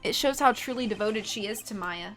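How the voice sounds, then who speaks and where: Woman as a low, quiet, formal young prosecutor, bright tone, soft music behind. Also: a little fast, lightly acted. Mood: solemn. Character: calm, composed young male prosecutor. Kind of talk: dramatic game reading.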